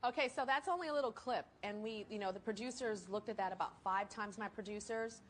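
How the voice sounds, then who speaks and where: A woman's voice: mid-range voice, fast, fairly bright tone, slight background noise. A woman hosting a television talk show, firmly scolding her guests and pushing them to apologize. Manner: firm, scolding, commanding.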